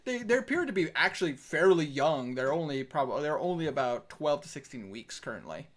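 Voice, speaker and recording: A man's voice: on the high side, very animated, brisk. A man narrating as dungeon master in a tabletop game played over voice chat, rambling and restarting his sentences. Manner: rambling, restarts often, laughs. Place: home, voice chat.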